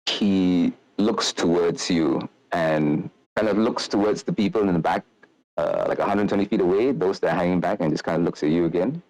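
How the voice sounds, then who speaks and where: Deep-voiced male game master, rambling. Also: moderate pace, darkish tone, no room sound, low-quality recording. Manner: rambling, filler-heavy description. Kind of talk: narrating a tabletop game.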